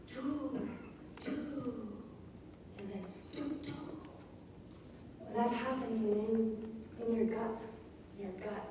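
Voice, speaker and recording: A woman giving a poetry lecture at a festival, reading lines aloud slowly and tapping out their rhythms. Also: on the high side, mellow, slight background noise. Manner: slow, reads lines aloud and taps out rhythms. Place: large lecture hall. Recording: echoey hall from far off.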